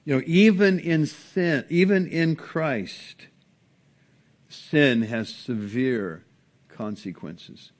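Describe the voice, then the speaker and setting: A man preaching an earnest sermon as a pastor, with sudden rises and drops in pitch and loudness. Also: extremely slow. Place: church sanctuary.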